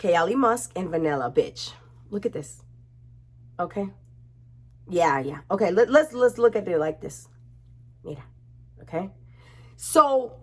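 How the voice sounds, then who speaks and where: A young woman chatting casually to her camera at home, expressive and chatty, swearing freely. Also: mid-range voice, unhurried, long pauses. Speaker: beauty vlogger.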